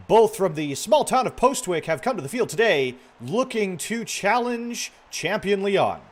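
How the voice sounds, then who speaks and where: A man putting on the voice of an excitable male stadium battle announcer, calling a game battle play by play in a booming, drawn-out style. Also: heavily acted. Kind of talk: play-by-play commentary.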